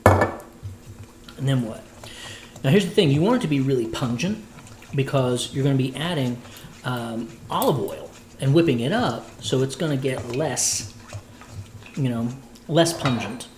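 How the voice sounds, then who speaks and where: A man's voice: medium pitch, measured pace, pauses often, darkish tone, echoey room, a little hiss or hum, poor audio. A man, a voice actor, chatting playfully with viewers while cooking on a livestream. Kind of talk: casual cooking livestream chat.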